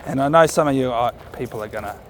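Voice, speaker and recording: A man's voice: mid-range voice, fast, slight background noise. A man with a New Zealand accent chatting casually to camera while walking his dog on an outdoor riverside trail. He rambles and often corrects himself mid-sentence. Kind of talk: casual walking vlog chat.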